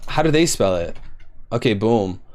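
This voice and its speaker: A man's voice: fairly low pitch, lively intonation, normal speed, darkish tone. A young man live-streaming, guessing quiz answers aloud, swearing in frustration and talking to his chat while typing.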